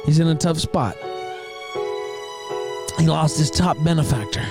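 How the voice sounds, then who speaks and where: High, animated man ranting mockingly. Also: measured pace, vocal fry, music in the background. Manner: profane, mocking. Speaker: livestream show host. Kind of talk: ranting commentary.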